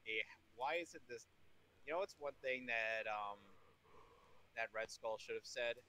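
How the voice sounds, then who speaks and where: A man's voice: medium pitch, measured pace, sharp tone, slight background noise. A man co-hosting a comedy podcast, playful and goofy in casual banter. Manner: playful, goofy, breaks into song. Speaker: podcast co-host. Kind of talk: casual chat with jokes.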